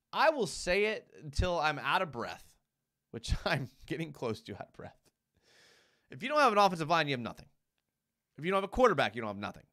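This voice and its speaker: A man's voice: high-pitched, fairly bright tone. A man hosting a live sports talk show, arguing emphatically with rhetorical questions and repeated points, and reading out viewer comments. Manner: reads viewer comments aloud.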